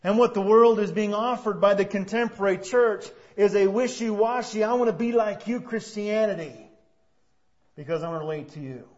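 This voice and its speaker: High-voiced preacher, dull lo-fi recording. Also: male voice, normal speed. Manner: prays softly, then preaches with rising emphasis. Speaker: pastor. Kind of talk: sermon with opening prayer.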